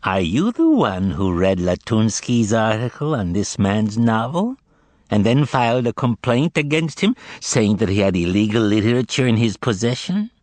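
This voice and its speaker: A man's voice: fairly low pitch, very animated, normal speed, a little mellow, no echo. A man voicing a male demon henchman with a nasal twang. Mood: menacing.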